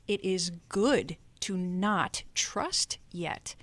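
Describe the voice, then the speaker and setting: A woman co-hosting a call-in advice radio show, giving measured, firm advice. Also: lowish voice, animated. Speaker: radio co-host counselor. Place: radio studio.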